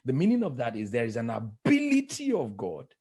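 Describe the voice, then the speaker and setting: A man, a life coach and preacher, telling his story as a podcast guest in an emphatic style, repeating key phrases slowly for effect. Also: mid-range voice, huge pitch swings, a little mellow, slightly rough.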